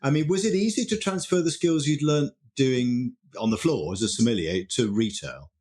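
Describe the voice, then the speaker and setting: A man's voice: medium pitch, animated, normal speed, darkish tone. A man interviewing a guest, offering short murmured prompts and curious follow-up questions. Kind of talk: interview chat.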